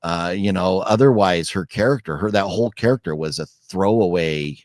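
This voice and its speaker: A man co-hosting a casual film review chat, rambling with restarts and sudden lively jumps. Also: deep voice, moderate pace, no room sound, studio quality. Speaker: podcast co-host.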